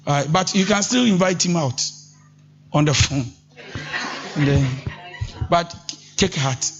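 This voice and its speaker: A man giving lively relationship advice, slipping into sung mimicry and laughter. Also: a little slow. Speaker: relationship counselor. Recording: muffled low-fidelity audio with faint music.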